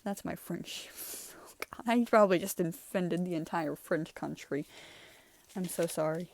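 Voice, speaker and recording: A woman's voice: on the low side, a little slow, gravelly, long pauses, a little mellow, dry recording. Casting: young woman, chatty rambling host, dry close sound, laughs easily. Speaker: channel host. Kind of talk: casual art review chat.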